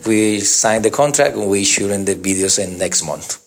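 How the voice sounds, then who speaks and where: A man telling his life story in an interview, speaking halting, broken English full of restarts and acting out the people he talks about. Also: lowish voice, vocal fry. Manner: lively, acts out the voices of people in his stories.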